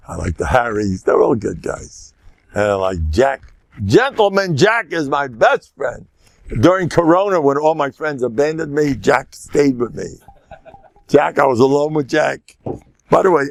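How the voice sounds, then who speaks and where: Older rabbi, gravelly joking lecture. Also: male voice, mid-range voice, no room sound. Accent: American English with Yiddish-inflected phrasing. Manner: chatty, joking, laughs often, mixes in Yiddish and Hebrew phrases. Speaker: rabbi giving a Torah class. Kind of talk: informal Torah lecture.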